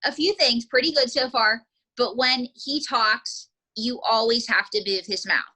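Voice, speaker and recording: Ventriloquist woman, higher bright voice, upbeat coaching, quick asides. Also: slightly rough. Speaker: ventriloquist teacher.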